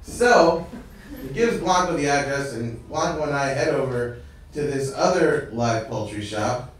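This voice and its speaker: A man from the United States doing stand-up storytelling in an animated, chuckling, conversational way at a live indoor event. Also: mid-range voice, measured pace, far from the mic. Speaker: stand-up comedian. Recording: echoey room, mic from afar, ambient noise.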